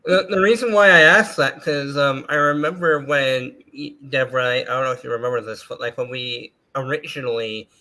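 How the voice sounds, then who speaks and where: A man's voice: medium pitch, brisk, hardly any pauses, bright, forceful tone, low-quality recording. A man hosting a casual podcast interview, chatty and loose, asking the guest questions. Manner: chatty, casual, swears, restarts. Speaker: podcast host.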